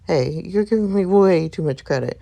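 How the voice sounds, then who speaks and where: A woman reading a game's narration as a devoted, protective young man, in an earnest storytelling way with a gravelly texture. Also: on the low side, expressive, moderate pace, dark tone. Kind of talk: reading game narration aloud.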